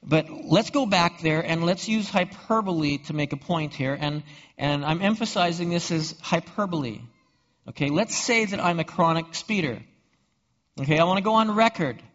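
A high-voiced pastor preaching a sermon, posing rhetorical questions and stumbling over repeated words. The sound is dull and heard with a long, echoing hall reverb. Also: male voice, moderate pace, a bit bright.

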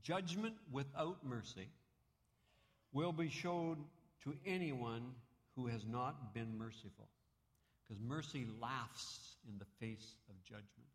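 A male preacher delivers a sermon in an animated, dramatic way, jumping from loud exclamations to hushed asides. His mid-range voice rings through a long hall reverb. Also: mid-range voice, takes it slowly. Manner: animated, dramatic storytelling with sudden loud bursts and soft drops. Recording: echoey hall.

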